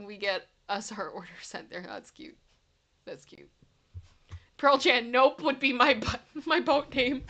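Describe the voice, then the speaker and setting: Her voice is sharp-toned and on the high side. She's a Canadian-accented woman hosting a livestream, giggling and chatting casually while reading out comments from viewers.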